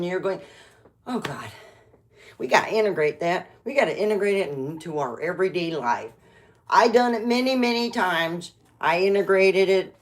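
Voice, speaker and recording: A middle-aged woman doing a rambling, meandering stand-up style comedy monologue, chatty and full of restarts. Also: lowish voice.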